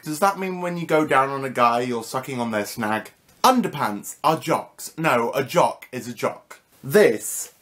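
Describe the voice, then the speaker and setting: A man's voice: mid-range voice, fairly bright tone. A young British man with a cheeky, mock-indignant manner, hosting a comedic vlog lesson. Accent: British English. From United Kingdom. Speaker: vlogger.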